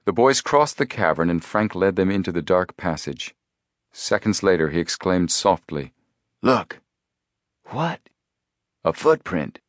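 Deep-voiced male audiobook narrator. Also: dry recording, clean studio sound. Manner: measured, steady storytelling. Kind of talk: scripted narration.

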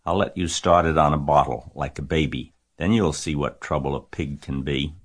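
A man reading aloud and voicing a gentle but firm farm father speaking patiently to his daughter. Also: extremely low pitch, normal speed. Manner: calm, patient.

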